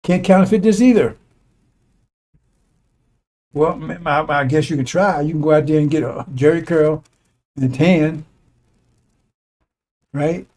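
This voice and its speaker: A man with a somewhat high, mellow voice, preaching in a loose, conversational way. He keeps circling back to the same point and tosses in little rhetorical checks with his listeners. The tone is casual and emphatic rather than formal. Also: unhurried, pauses often. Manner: conversational, rhetorical asides like "right?" and "see?"; repetitive, emphatic drilling of points. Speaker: religious commentator. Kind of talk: informal preaching monologue.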